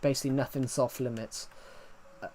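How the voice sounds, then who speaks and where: A man's voice: medium pitch, steady tone, fairly quick, mellow, slight background noise. Rambling man streaming from home. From England. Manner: rambling, many restarts and fillers, answering chat. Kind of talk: casual live-stream chat.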